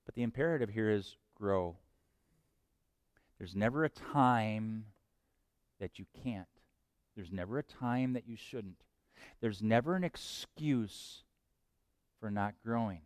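A man preaching a sermon as pastor, swinging between hushed lines and loud bursts. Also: mid-range voice, lively intonation, moderate pace, long pauses, no echo, clean studio sound.

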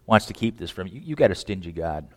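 A preacher putting on a hushed coaxing serpent. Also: male voice, deep voice, lively intonation, fast, pitched below the performer's own voice. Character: sly smooth-talking serpent, male, tempter. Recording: long hall reverb.

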